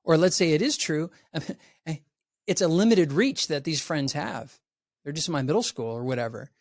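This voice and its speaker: A man speaks as a guest educator in a lively, animated podcast talk. His voice sits a little high, and his delivery is full of energy. He keeps slipping into quoted voices, and the recording is dry and close. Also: normal speed, dry recording.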